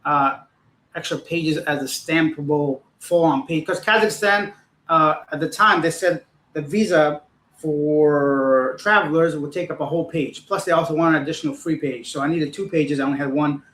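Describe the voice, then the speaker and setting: A man's voice: fairly high pitch, moderate pace, reverberant, low-quality recording. A young man casually telling a rambling, profane story to his livestream audience as host. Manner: rambling, profane, animated retelling.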